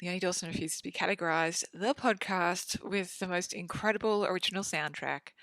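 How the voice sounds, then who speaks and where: A woman's voice: fairly low pitch, fairly quick, creaky, hardly any pauses, fairly bright tone, no room sound. A woman, hosting a casual solo podcast, chatty and swearing freely with lots of fillers. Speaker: podcast host. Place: home studio.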